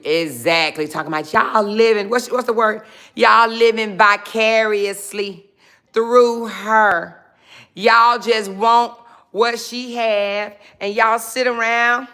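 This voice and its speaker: A woman's voice: medium pitch, bright, forceful tone, clear, resonant tone. A middle-aged woman on a casual livestream, reading out viewer comments with a sassy, laughing manner and talking straight to her viewers.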